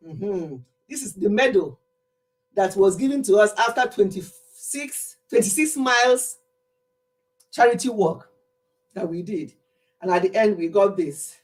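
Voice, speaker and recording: A woman hosting a casual home livestream, chatting to viewers by name and laughing often, a little out of breath from exercising. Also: a little high. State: slightly out of breath. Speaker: livestream host. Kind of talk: casual livestream chat with singing.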